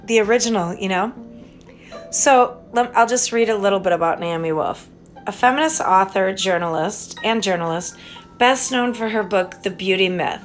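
A woman's voice: medium pitch, normal speed, soft background music. An American woman hosting a podcast, rambling in a casual monologue, spelling words out, swearing and trailing off mid-thought. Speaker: podcast host.

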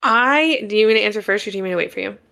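A young woman co-hosting a casual podcast chat, telling blunt, animated stories. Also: medium pitch, racing, vocal fry. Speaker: podcast co-host.

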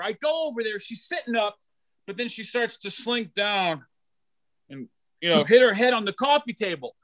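A middle-aged man performing a stand-up set, loud and animated, self-mocking, stumbling over restarts. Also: high-pitched, normal speed, no room sound. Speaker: stand-up comedian.

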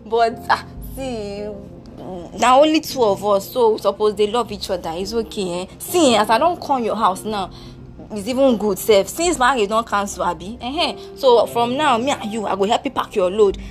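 A woman's voice: on the high side, faint music behind, lightly acted. A woman with a Nigerian Pidgin accent voicing a blunt, teasing younger sister who consoles her sibling in a homemade audio drama. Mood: consoling playful. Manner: brisk, teasing, mixes Pidgin and Yoruba.

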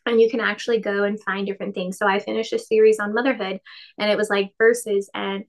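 A woman's voice: mid-range voice, flat delivery, fast talker. A woman in her thirties co-hosting a casual faith podcast, chatty, laughing often and acting out quotes. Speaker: podcast co-host.

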